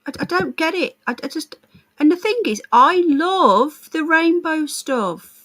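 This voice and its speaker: A woman's voice: sits high, expressive, measured pace, fairly bright tone, low-quality recording. A woman hosting a live stream, chatting casually with viewers in a blunt, sarcastic and sweary way. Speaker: livestream host.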